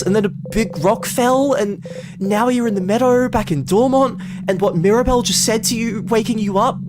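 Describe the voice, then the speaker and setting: A man voicing the frantic, self-berating inner voice of a panicking young traveler, loud and shrill.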